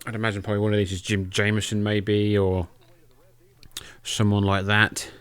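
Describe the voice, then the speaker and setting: A man hosts a podcast and gives casual, loose play-by-play over old wrestling tapes, joking and swearing freely. His voice is smooth and resonant. It is recorded close in a dry, deadened room. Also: lowish voice, little pitch movement, normal speed, fairly bright tone, no echo. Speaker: podcast host.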